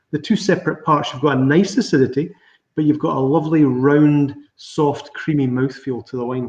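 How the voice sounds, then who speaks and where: A middle-aged man with a Scottish accent, a winemaker chatting on a video call and telling stories with lively laughter. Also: on the high side. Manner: chatty, laughs often, animated storytelling. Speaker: winemaker guest. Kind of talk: virtual tasting interview. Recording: roomy, slightly dull video call audio.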